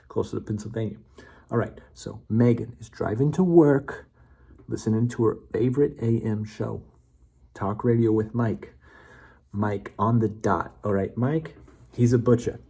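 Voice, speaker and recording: Low, husky man rambling playfully. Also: mellow. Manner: playful, rambling, self-correcting. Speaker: vlogger. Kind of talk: casual rambling monologue building a memory story.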